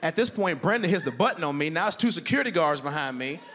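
A man performing stand-up on a club stage, telling a story in an animated way and acting out both sides of an argument. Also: a little high, fast talker, a little hiss or hum. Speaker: stand-up comedian. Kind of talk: stand-up routine.

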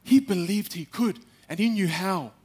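A young man giving a live talk on stage, animated, acting out little quotes and speaking straight to the audience. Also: high-pitched, normal speed, breathy edge. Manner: animated, acts out quotes, addresses the audience directly.

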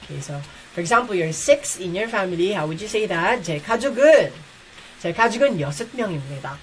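Fast-talking Filipino woman teacher, laughing often. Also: mid-range voice, animated, slight background noise, rough recording. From Philippines. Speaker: Korean language teacher. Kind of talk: casual online class mixing Tagalog and English.

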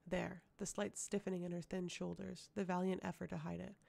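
A woman reading a fantasy novel aloud as an audiobook, at a measured, even pace. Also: lowish voice, gravelly. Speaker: audiobook reader. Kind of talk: audiobook narration.

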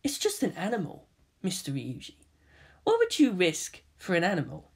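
A cold, soft-spoken teenage boy with a half-angel's eerie calm, put on by a reader of fan fiction. He keeps his voice low and hushed, dropping almost to a whisper on his threats, while his pitch still rises and falls a good deal. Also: normal speed, husky, full character voice.

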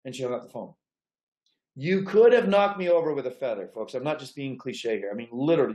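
A man's voice: medium pitch, lively intonation, fast, a little mellow. Emphatic folksy man in an echoey room. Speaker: chiropractic coach. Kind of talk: storytelling talk to chiropractors.

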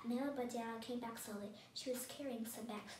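A woman reads a children's story aloud, lively and expressive, with a high voice. The recording is roomy, and she sounds a little away from the mic. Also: fairly quick, distant mic, a little hiss or hum. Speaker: storybook reader. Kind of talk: children's read-aloud narration.

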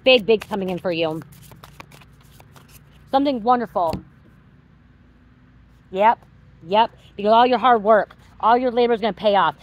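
On a lo-fi recording, a woman with a higher-pitched voice does a psychic card reading directly for her viewers. She's emphatic and repetitive, curses freely, and grows more worked up and heated as she continues.

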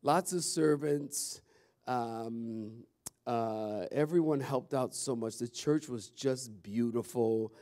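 Speaking at a slow pace in a mid-range voice, a pastor chats animatedly with his congregation in the church sanctuary. He calls out to the audience as he goes.

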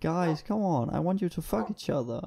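A young man giving excitable gameplay commentary, swearing constantly and often bursting into laughter. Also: a little high, moderate pace, creaky. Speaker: gaming YouTuber.

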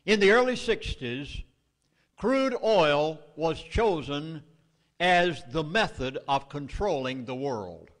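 A man's voice: a little high, animated, takes it slowly, fairly bright tone, in a large hall. A middle-aged man with a Southern US accent gives a public speech at a meeting, delivering urgent, emphatic warnings. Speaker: speaker addressing a meeting.

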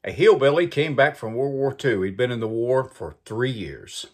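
A man's voice: medium pitch, expressive, normal speed. A man hosting a morning show, reading books and jokes in a folksy, storytelling way. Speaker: host. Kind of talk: casual joke reading.

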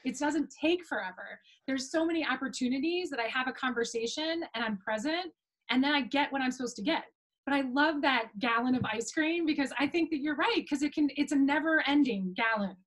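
A woman's voice: high voice, animated, fairly quick, a bit bright, rough recording. A woman who is a guest on an interview show, talking in a chatty, reflective way. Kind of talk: casual interview chat.

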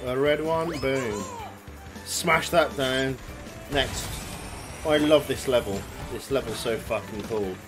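A man giving excitable, swear-heavy let's play commentary, yelling at the game as he plays. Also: medium pitch, slow pace. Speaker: gaming YouTuber. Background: game music.

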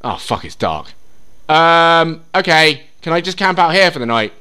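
A man's voice: on the high side, big pitch swings, measured pace, smooth. A young man giving casual, sweary commentary as he plays a survival game, talking to himself and the game. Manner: drops to a whisper while sneaking; shrieks and yells in panic during chases. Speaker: gaming YouTuber. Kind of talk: casual let's-play commentary.

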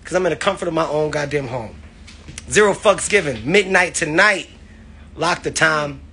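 A man, a comedian, streaming live from his home on his phone, loud and playful, swearing constantly and laughing between his lines. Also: a little high, moderate pace, breathy edge. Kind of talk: hyped, profane live-stream rant.

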